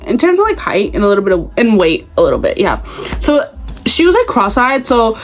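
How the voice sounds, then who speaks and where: A young woman tells school stories in a casual vlog. Her voice sits a little high, and she stays animated, slipping into quick impressions of friends and classmates. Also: faint music behind, poor audio. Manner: animated, acts out other people's voices. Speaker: vlogger. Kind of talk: casual storytime.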